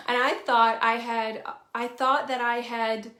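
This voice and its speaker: A woman's voice: on the high side, level tone, unhurried, bright, forceful tone. A woman with a Southern accent, a healing coach talking casually to camera, candid and informal, swearing freely and laughing easily. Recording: roomy echo.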